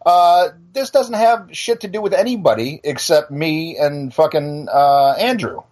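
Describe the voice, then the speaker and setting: A man's voice: on the high side, expressive, measured pace, a little mellow. A middle-aged male podcast host on a blunt, profane rant, tripping into restarts as he talks. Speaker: podcast and radio show host. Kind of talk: heated casual rant.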